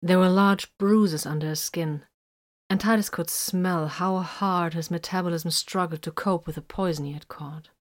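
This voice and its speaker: A woman narrating a story in an audiobook style, measured and even. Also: fairly low pitch. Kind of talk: audiobook narration of fan fiction.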